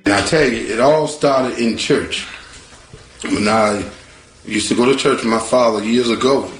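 A man, a guitarist from North Carolina, telling his life story in a lively, colloquial way. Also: medium pitch, a little slow. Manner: colloquial, lively, acts out voices with laughter. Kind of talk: animated spoken storytelling. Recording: roomy sound with faint guitar behind.

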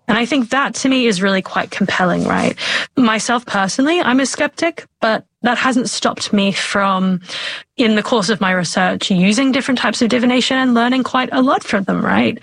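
A middle-aged woman academic who studies divination, explaining her views in a thoughtful, slightly halting way. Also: fairly high pitch, a bit bright, dry recording, poor audio. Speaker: scholar of divination. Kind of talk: interview conversation.

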